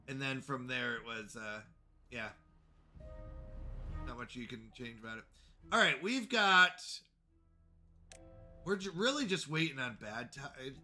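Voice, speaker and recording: A man's voice: on the high side, bright, forceful tone. A man chatting casually with his viewers while playing a game on a live stream, rambling and friendly. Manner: chatty, rambling, talks to chat. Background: faint background music.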